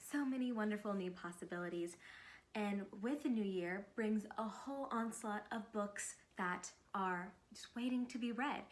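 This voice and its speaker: A young woman vlogging about books in a chatty, upbeat way, with fillers. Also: medium pitch. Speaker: book vlogger. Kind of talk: casual chat to camera.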